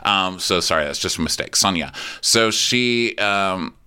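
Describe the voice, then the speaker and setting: A man's voice: animated, a little slow, sharp tone, clear, resonant tone. A man co-hosting a podcast, chatting casually and jokingly about a reality show, swearing and quoting people in mock voices. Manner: jokey, profane, slips into high mock voices when quoting. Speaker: podcast co-host. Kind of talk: casual recap chat.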